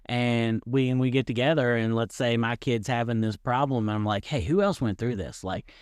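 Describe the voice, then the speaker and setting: A man's voice: medium pitch, normal speed, smooth, no echo, studio quality. A man hosting a Christian podcast, talking earnestly and casually with frequent ums, giving parents advice. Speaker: podcast host. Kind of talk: casual faith podcast chat.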